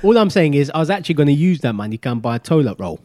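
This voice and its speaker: A man's voice: on the high side, sing-song, racing, darkish tone. A man co-hosting a casual podcast, talking bluntly and skeptically. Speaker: podcast co-host. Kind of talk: casual chat.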